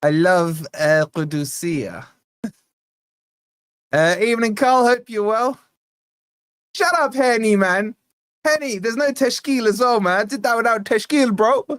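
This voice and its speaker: A man's voice: sits high, expressive, unhurried, pauses often, a bit bright, dry recording, clean studio sound. Joking young man hosting a fan stream. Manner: jokey banter with live chat, reading out donations. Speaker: fan channel host. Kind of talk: live football watch-along stream.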